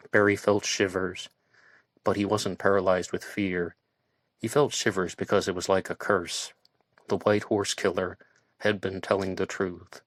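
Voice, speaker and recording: A man reading an audiobook in steady, measured scripted narration. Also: deep voice, no echo, studio quality.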